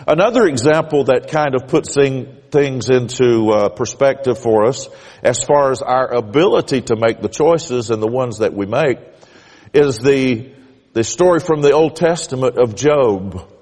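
Pastor preaching in an echoey church. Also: male voice, mid-range voice, darkish tone. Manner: measured storytelling, rising emphatically on key points. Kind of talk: sermon. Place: church sanctuary. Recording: church hall reverb.

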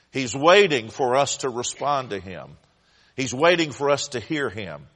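A man's voice: mid-range voice, fairly bright tone. A man preaching as pastor, reading Scripture with dramatic, crying-out intensity. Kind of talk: sermon. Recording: long hall reverb.

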